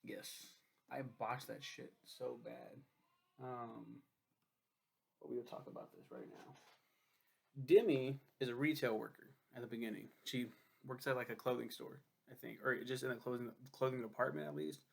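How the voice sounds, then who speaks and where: A man's voice: mid-range voice, steady tone, a little fast, gravelly. A young man reviewing a friend's book in a casual vlog, rambling, cursing freely and poking fun at himself. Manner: rambling, profane, self-deprecating.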